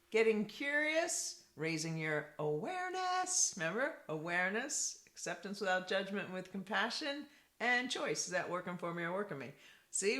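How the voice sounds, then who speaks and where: A bright, animated woman therapist teaches to camera, her pitch moving up and down as she repeats key points. She keeps checking in with a quick rhetorical "right?". The voice rings in an echoey room. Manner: lively, repetitive, asks rhetorical "right?".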